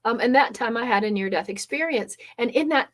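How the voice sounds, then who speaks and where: A woman with a slightly high voice is coaching a live online business workshop. She is energetic and chatty and keeps stopping to ask "okay?" and "right?" Her speech is full of "um" as she reads the viewers' comments and answers them. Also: fairly quick. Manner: energetic, many fillers and "okay?" check-ins.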